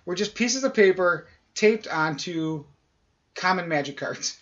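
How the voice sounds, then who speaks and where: A man's voice: high voice, measured pace. A man on a podcast telling a long casual story, acting out what people said. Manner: animated anecdote-telling, acts out quoted voices. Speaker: podcast co-host. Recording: dull lo-fi audio.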